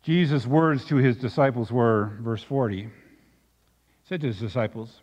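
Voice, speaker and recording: A male pastor preaching a sermon in a reflective way, dropping soft and then rising with emphasis. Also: mid-range voice, moderate pace, slightly rough. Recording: dull recording with long reverb.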